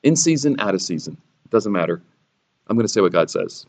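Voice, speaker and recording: A man's voice: on the low side, sing-song, fairly quick, a little mellow. A man teaching a Bible lesson sermon-style, sarcastic and theatrical, raising his voice for the quoted lines.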